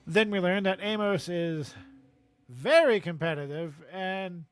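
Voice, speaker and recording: A man's voice: high-pitched, animated, measured pace, smooth, dry recording. A man from Canada hosting a casual book podcast, playful and a bit silly, a dad who clowns around with his co-host.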